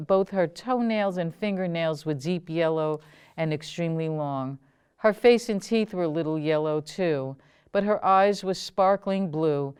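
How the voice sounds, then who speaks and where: A woman, the host and author, reading her own memoir aloud in a slow, deliberate storytelling manner. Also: fairly low pitch, darkish tone, clear, resonant tone.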